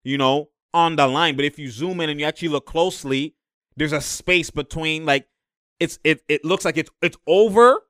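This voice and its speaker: A man's voice: fairly high pitch, fairly even intonation, moderate pace, bright, forceful tone, smooth, no echo, studio quality. A young man hosting a podcast, talking basketball in a casual, slangy way and leaning on filler phrases. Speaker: podcast host.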